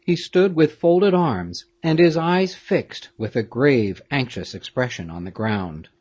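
Male audiobook narrator, first-person adventure tale, husky, lively pitch, dramatic reading. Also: measured pace.

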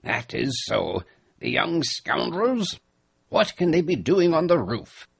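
A man voicing a gruff older sea captain in a storybook reading, hearty and commanding. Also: fairly high pitch, big pitch swings, slow pace, voice pushed up, exaggerated voice. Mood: urgent. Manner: hearty, commanding, says "lad".

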